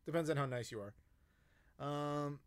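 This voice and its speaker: An American man hosts a casual YouTube live-stream Q&A, answering chat questions in a rambling way with frequent fillers and profanity. His voice is a little high and clean-toned, at a normal speed.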